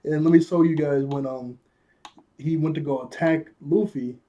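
A man casually recapping an anime episode, animated, laughing often, and acting out quotes in a raised voice, a bit out of breath. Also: a little high, moderate pace, highs cut off. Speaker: anime reviewer.

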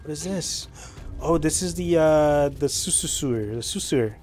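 A young man streaming live, rambling chattily about his game with excitable reactions. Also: a little high, unhurried, faint music behind. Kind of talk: live gameplay commentary.

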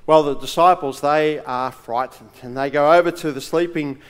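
A male pastor preaching a sermon in a church, emphatic, with dramatic pauses and swings between loud and soft. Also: on the high side, clean tone.

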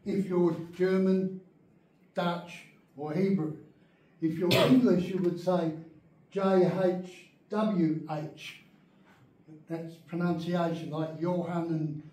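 Teaching an adult Bible class in a church meeting room, this man has a high, warm voice. He speaks emphatically, frequently making sure the group keeps up. Heavy echo fills the recording, with the speaker well away from the microphone.

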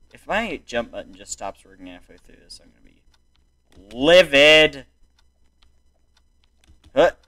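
A young man giving excitable, exclamatory commentary while playing a video game. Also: high-pitched. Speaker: gaming YouTuber. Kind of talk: gameplay commentary.

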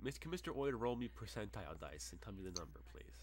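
Young man, low voice, game master narrating a tabletop fight, loose and halting with fillers. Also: big pitch swings.

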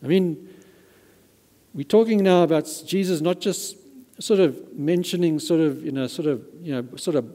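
Preaching in a church hall with plenty of reverb, a pastor speaks at normal speed in a fairly high, warm voice. He delivers his sermon emphatically, repeating words for stress.

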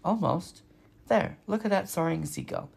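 Man voicing a calm robot mother. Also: high-pitched, normal speed, vocal fry, breathy edge, pitched above the performer's own voice, heavily acted.

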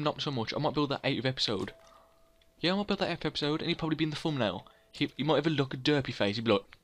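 A young man talks through his building in a loose, chatty way. He rambles, corrects himself and pokes fun at himself in a voice of ordinary pitch. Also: fairly bright tone. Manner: rambling, self-mocking, chatty, laughs at own jokes. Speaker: let's play host. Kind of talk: casual gameplay commentary.

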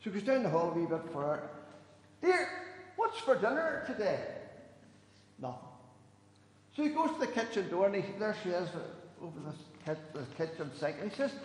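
A man, a church elder telling jokes at a gathering and raising his voice for each character. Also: quick pace. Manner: animated storyteller, raises pitch for quoted voices. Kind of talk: after-dinner joke telling. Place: church hall. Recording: echoey hall, some noise.

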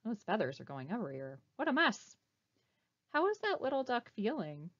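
Lively woman reading a storybook to kids. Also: a little high, normal speed, dry recording. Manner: animated, asks children questions. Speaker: children's librarian. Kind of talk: reading a picture book aloud. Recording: dull, slightly muffled recording.

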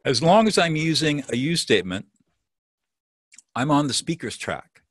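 Confident guy explaining stuff in an interview, really animated up-and-down voice, dry close sound. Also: fairly high pitch, moderate pace, breathy edge, no echo. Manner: confident, lively, acts out example phrases. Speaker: peacemaker and mediation teacher, guest.

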